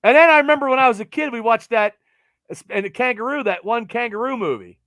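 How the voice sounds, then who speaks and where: A middle-aged podcast host from Pennsylvania talks casually about sports in an extremely high-pitched voice, speaking fast with no echo. He rambles animatedly and trails off with lots of fillers.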